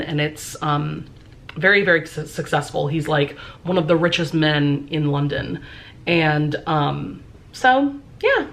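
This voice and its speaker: A woman's voice: lowish voice, fairly bright tone. A congested woman chatting casually in a book vlog, full of fillers. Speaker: book vlogger.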